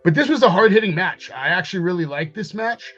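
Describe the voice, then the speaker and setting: A man's voice: high-pitched, animated, fast, a bit bright, muffled recording. Rambling male wrestling podcast host. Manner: rambling, recaps events, paraphrases promos. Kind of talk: casual commentary over clips.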